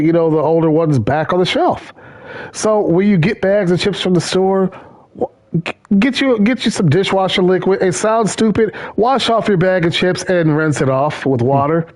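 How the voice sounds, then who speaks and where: A man's voice: high voice, darkish tone. A man hosting a gaming stream, chatting casually and rambling, repeating his words as he goes. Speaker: gaming channel host. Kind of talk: casual chat while gaming.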